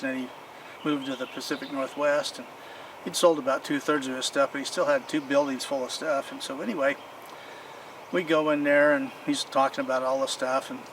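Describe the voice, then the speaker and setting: A man casually showing off his old bicycles and telling stories in a rambling, folksy way, recorded outdoors. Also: medium pitch. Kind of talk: casual show-and-tell storytelling. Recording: distant mic with clear outdoor noise.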